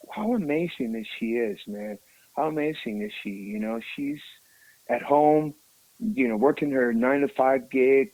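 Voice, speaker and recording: A man with a gravelly edge talks in a loose, animated way, telling a story as an interview guest. The sound is dry and close, with no room echo. He keeps dropping a friendly "man" as he goes. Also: medium pitch. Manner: animated, emotional, says "man" often. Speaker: rock musician guest.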